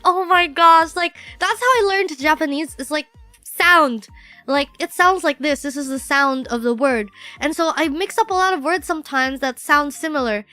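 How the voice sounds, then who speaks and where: A bubbly woman chatting on a livestream, her voice high and sparkly. She talks in an animated, self-deprecating way, full of fillers, and slides between English and Japanese. A little music plays faintly behind her. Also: normal speed. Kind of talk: casual livestream chat.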